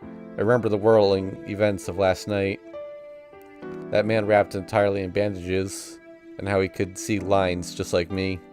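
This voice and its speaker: A man's voice: low-pitched, level tone, moderate pace, a little mellow, faint music behind. A man reading a visual novel aloud on stream, narrating casually in the first person. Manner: casual first-person narration that voices sound effects playfully.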